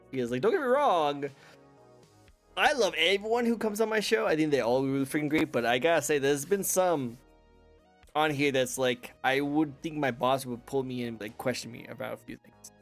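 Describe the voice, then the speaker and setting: A man's voice: fairly high pitch, lively intonation, normal speed, soft background music. A man hosting a casual interview chat, rambling and laughing often. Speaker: interview show host. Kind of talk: casual chat over a call.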